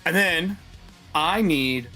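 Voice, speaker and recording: A man's voice: fairly high pitch, slow, sharp tone, faint music behind. A man narrating as game master of a tabletop role-playing game, casual and laughing often.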